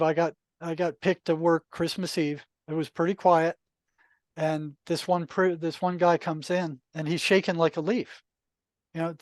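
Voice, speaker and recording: An older man, a retired therapist, telling anecdotes in a relaxed, conversational podcast interview, full of asides. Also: fairly high pitch, no echo. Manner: relaxed, anecdotal, many asides and "you know". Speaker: podcast guest, retired psychotherapist. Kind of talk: casual storytelling.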